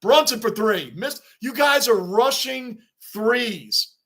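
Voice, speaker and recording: High-voiced man hosting a sports reaction stream. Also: takes it slowly. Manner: excitable, talks back to chat comments, rambling. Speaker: live-stream host. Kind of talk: live sports reaction stream, chatting with viewers.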